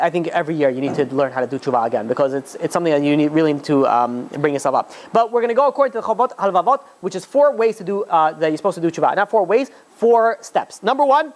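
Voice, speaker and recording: Fast-talking rabbi teaching a class. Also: male voice. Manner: conversational, many "you know" fillers and restarts; swings to high, emphatic urging. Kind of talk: informal Torah class lecture.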